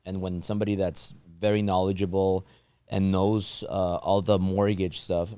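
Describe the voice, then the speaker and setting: A man hosting an interview, asking loose, halting questions with many restarts. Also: low voice, little pitch movement, mellow, smooth, dry recording. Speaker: podcast host. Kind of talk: casual interview.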